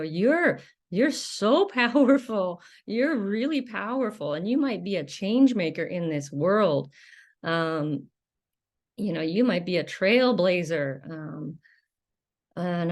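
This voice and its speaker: A woman with a slightly low voice speaks straight to her viewers in a casual, unhurried way. She searches for words, fills gaps with soft hesitations, and keeps her tone gently reassuring and encouraging. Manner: gentle and halting, many fillers. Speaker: channel host. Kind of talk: casual talk-to-camera advice.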